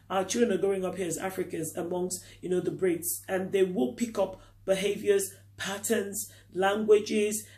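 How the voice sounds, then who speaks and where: High-voiced man asking earnest questions. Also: a little mellow. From Nigeria. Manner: earnest, full of rhetorical questions. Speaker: vlogger. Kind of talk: reflective talk to camera.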